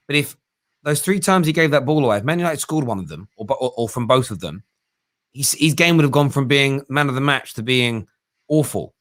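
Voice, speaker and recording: Guy hosting a call-in show, middle pitch, chatty and a bit stop-start. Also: expressive, a little fast, a bit bright, no room sound, studio quality. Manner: conversational, hesitant restarts. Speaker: host.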